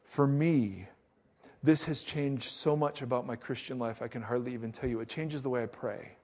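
A middle-aged pastor preaches a sermon at medium pitch and normal speed. He tells stories animatedly, acting out the quotes.

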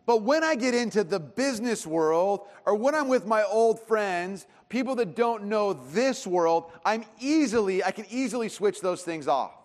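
A man preaching a sermon as pastor, talking conversationally and animatedly, often dropping to quiet emphasis. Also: high-pitched, in a large hall.

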